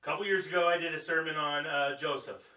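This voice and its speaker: Speaking quickly with fairly even intonation, a man with a fairly high, pushed, bright voice jokes conversationally while preaching at a church Bible study and questions his listeners. The room echoes and the mic is distant.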